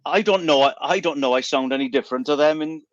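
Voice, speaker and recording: A man's voice: a little high, no echo. A man with a West Welsh accent, a guest comedian chatting casually on a radio show, often restarting and repeating words. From South West Wales. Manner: halting, many restarts and repeats. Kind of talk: casual chat. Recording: dry, dull lo-fi sound.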